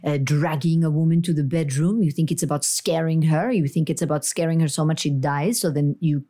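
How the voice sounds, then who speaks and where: A woman voices a haughty French lady arguing about romance with a thick French accent. Her voice sits low and warm, unhurried and scornful. She flirts and sneers in the same breath, as in a comedy podcast. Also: steady tone. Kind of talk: improvised comedy podcast character.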